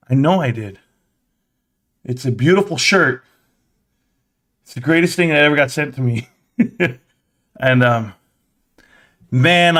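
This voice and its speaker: Speaking at medium pitch, this man hosts a live stream from his home desk. His talk is casual and rambling, aimed right at his viewers and punctuated by short bursts of excitement.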